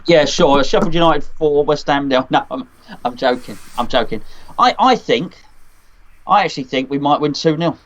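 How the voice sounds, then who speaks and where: A man's voice: fairly high pitch, expressive, normal speed. A man co-hosting a casual football podcast, talking hesitantly with many restarts. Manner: hesitant, full of restarts and ums. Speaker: co-host. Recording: dull lo-fi audio.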